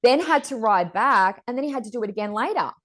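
A middle-aged woman co-hosting a podcast, telling stories in a chatty, animated way and acting out other people's lines. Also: fairly high pitch, quick pace. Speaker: podcast co-host. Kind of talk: casual storytelling chat.

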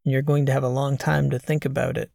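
A man reading the lines of a brisk, teasing young woman who is in charge, in a dry, matter-of-fact way. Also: mid-range voice, flat delivery, vocal fry, darkish tone, no room sound, natural voice. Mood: wry matter-of-fact. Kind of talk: audiobook character voice.

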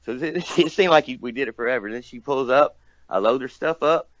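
A man's voice: medium pitch, a little fast, fairly bright tone, no echo, lo-fi sound. A man from near Nashville, casually telling a rambling story as a guest, cussing and laughing often. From Tennessee, near Nashville.

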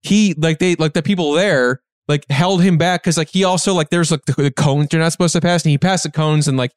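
A man with a voice pitched a little above most men's tells a story on a podcast. He rambles along, stuffing in fillers and starting over mid-sentence. It is recorded close on a mic in a dry, dead room. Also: a little fast, dry recording. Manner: rambling, filler-heavy, animated retelling. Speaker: podcast guest. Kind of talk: casual storytelling.

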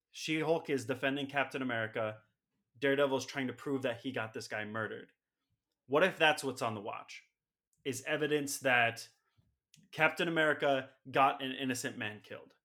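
Bright-voiced man explaining comics. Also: mid-range voice, moderate pace. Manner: enthusiastic comic-book explainer. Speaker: podcast co-host. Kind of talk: casual chat.

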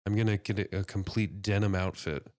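A man's voice: fairly low pitch, fairly even intonation, a little fast, darkish tone, dry recording, studio quality. A man in a casual podcast chat, laid-back and laughing easily, swearing casually.

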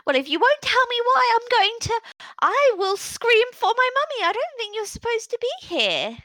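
Woman playing a tiny orc girl, bossy and suspicious, piping high, bouncy questions, tabletop game voice. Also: sing-song, moderate pace, pushed and bright, exaggerated voice. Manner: high-pitched, questioning, childish.

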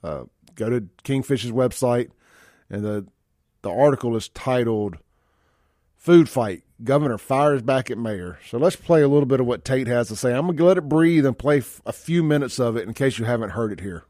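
Male radio host, blunt and folksy, mid pitch, dry booth sound. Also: expressive, moderate pace, dark tone, no room sound. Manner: folksy, blunt, reads listener texts aloud. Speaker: radio talk show host. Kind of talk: casual talk radio chat. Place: radio studio.

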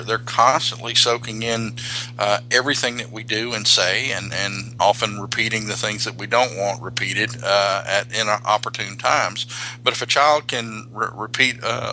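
A man's voice: on the low side, normal speed, sharp tone, a little hiss or hum, poor audio. A man co-hosting a casual podcast chat, rambling with many restarts and fillers. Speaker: podcast co-host.

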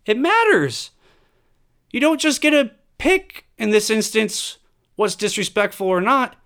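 A man delivers a heated opinion monologue and leans on rhetorical questions and swearing. His voice is smooth and resonant and sits a bit high for a man. He punches his points with emphasis. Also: big pitch swings, measured pace, fairly bright tone.

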